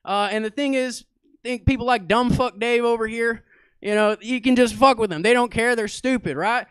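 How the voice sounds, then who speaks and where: A man with a very high, smooth, clear voice delivers a rambling character monologue on a comedy stage. His tone is mock-authoritative, and he keeps turning to the crowd for agreement. The sound is dry and close, with little room echo. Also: moderate pace, fairly bright tone. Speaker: stand-up comedian.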